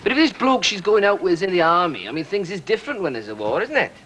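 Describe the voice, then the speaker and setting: An actor playing a young Welsh private soldier, wistful and quick to take offence. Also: male voice, high-pitched, sing-song, fairly bright tone, slight background noise. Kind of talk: 1980s television drama acting.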